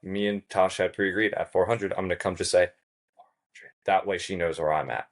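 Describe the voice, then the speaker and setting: A man who is a podcast guest, telling a story in a casual, animated way, swearing freely and acting out what others said. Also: low-pitched, quick pace. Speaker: podcast guest, game show contestant.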